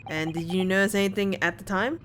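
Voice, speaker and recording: A woman's voice: medium pitch, fairly even intonation, a little fast, noisy background, close to an everyday voice. A woman voicing a polite, hesitant young male student lawyer as she reads game dialogue aloud. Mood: inquisitive.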